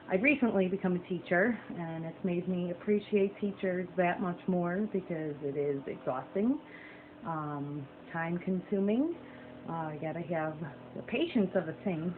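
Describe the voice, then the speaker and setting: A woman's voice: on the low side, background noise. Sincere young woman on a tinny phone recording. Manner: sincere, halting, thoughtful. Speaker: former student, now a teacher. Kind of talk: recorded video tribute.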